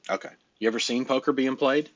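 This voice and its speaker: A man's voice: medium pitch, steady tone, fast talker, highs cut off. A man coaching a client on a casual call, blunt and joking, swearing casually. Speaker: business coach.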